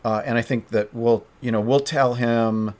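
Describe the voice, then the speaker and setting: A man playing a tabletop game solo, narrating as he thinks aloud, halting and restarting often. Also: medium pitch, steady tone, darkish tone. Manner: halting, hesitant, frequent restarts.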